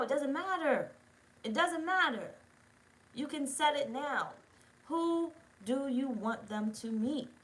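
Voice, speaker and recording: A woman's voice: fairly high pitch, fairly bright tone, rough recording. A woman giving a tarot reading to her viewers in a rambling, casual way, swearing freely and often checking that they are following her. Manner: rambling, profane, talks straight to viewers. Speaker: tarot reader.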